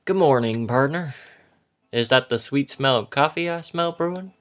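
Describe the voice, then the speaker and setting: A man's voice: medium pitch, moderate pace, a bit bright, pitched above the performer's own voice, lightly acted. A man voicing a cheerful feathered bird-man cowboy who talks in a folksy, easygoing drawl.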